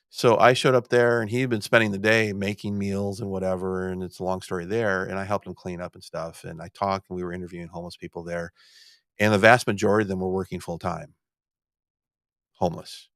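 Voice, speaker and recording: A middle-aged man hosts his own podcast in a loose, rambling monologue. His voice sits low with a gravelly edge, and he stammers and restarts often as he tells his stories. The sound is dry and close. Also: no echo. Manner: storytelling with many restarts and stammered repeats. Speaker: podcast host.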